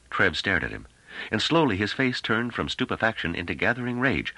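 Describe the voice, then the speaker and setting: A man reading an audiobook as narrator, expressive and scripted. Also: a little fast, no echo. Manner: expressive reading with wide swings in pitch.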